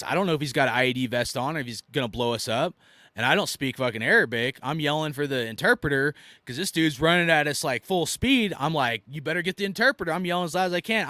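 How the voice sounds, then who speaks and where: A man in his thirties telling war stories in a blunt, profane rant, swinging from loud outbursts to low muttered asides. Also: dry recording. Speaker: army veteran commentator.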